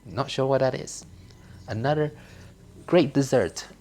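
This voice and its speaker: Man, gaming host, casual commentary, rambling, mid pitch, faint hiss. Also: unhurried, darkish tone. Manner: rambling, with slips and laughs.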